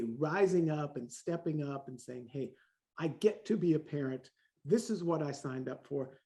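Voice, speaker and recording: A man in his forties, a podcast guest, talking in a lively way and acting out the voices he quotes. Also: a little high, creaky. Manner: animated, acts out quoted voices. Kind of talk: casual conversation.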